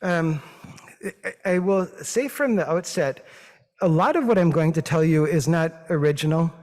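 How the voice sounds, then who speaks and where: A man with a Midwestern accent, a physician giving a thoughtful, modest talk with slides, pausing often with fillers. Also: on the high side, a little mellow. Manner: thoughtful, hesitant, with many fillers; modest and self-deprecating. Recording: long reverb of a hall.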